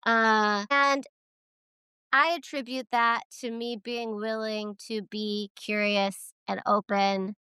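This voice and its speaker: A high, bright woman's voice with a smooth, clean tone, talking candidly as a chaplain in casual conversation. She is animated and blunt and swears freely, and the sound is dry and close. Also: takes it slowly, dry recording. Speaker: hospital chaplain, podcast co-host.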